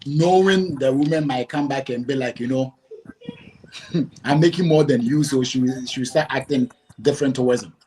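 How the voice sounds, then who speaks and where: A man's voice: mid-range voice, steady tone, moderate pace, darkish tone, a little hiss or hum, poor audio. A man guest on a live-streamed panel who puts questions to the others with light laughter. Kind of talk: casual panel chat.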